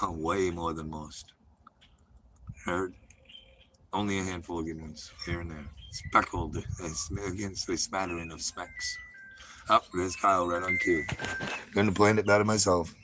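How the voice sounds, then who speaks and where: Middle aged southern guy ranting on his livestream, kinda low voice but bright and cutting, swears a lot. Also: a little hiss or hum, low-quality recording. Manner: rambling, profane, repeats "you heard?", trash-talking. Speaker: livestream host. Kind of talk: rambling live-stream monologue and phone chat.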